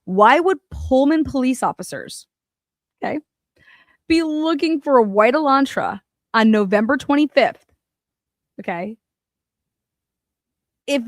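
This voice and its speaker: Excitable, swearing woman commentator. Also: sits high, no room sound, clean studio sound. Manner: excitable and profane, swinging from muttering to loud exclamations. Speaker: online true-crime commentator. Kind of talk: casual commentary while reading documents.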